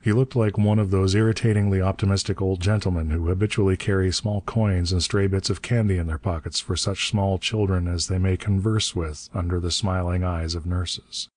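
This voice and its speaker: A man narrating an adventure audiobook in a measured, steady reading. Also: low voice, dry recording.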